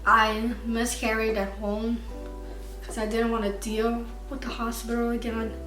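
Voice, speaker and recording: A woman's voice: on the high side, monotone, unhurried, a bit bright. A young woman vlogger candidly telling a personal story to camera, emotional and tearful at times. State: crying at times. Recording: echoey room, far from mic, faint music.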